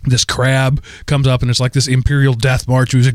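A man in his forties, co-hosting a podcast, telling a rambling, animated story full of fillers. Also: mid-range voice, moderate pace, few pauses, no room sound, clean studio sound. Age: 40s. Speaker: podcast co-host. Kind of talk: casual chat.

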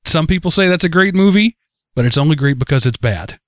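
A man with a fairly high voice, recorded close and dry. He hosts a casual podcast and talks in an animated, easy way, laughing often. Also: brisk, dry recording. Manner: laughs often, animated, reads listener email aloud. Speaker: podcast host.

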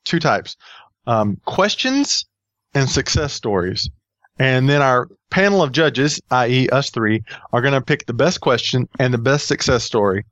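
A man's voice: mid-range voice, lively intonation, a little slow, a bit bright, dry recording, muffled recording. A man hosting a casual podcast, rambling and joking with many fillers. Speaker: podcast host.

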